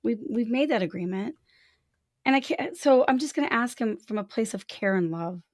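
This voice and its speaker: This woman co-hosts a podcast, talking casually and candidly and expressively acting out the thoughts she quotes. Her voice is a little high and a little mellow, with lively intonation and a moderate pace, captured in a clean studio with no room sound.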